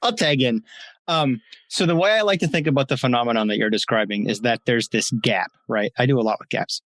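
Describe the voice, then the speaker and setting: A man's voice: mid-range voice, a little fast, fairly bright tone, no room sound. A man as a podcast guest, explaining ideas casually and acting out inner voices. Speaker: guest coach. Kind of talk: casual advice chat.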